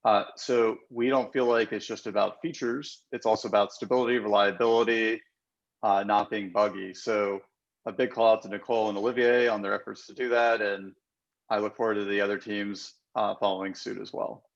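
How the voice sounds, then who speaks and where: A man hosting a work video-call meeting, speaking in a measured, businesslike way. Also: on the low side, flat delivery, gravelly, highs cut off. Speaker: meeting host.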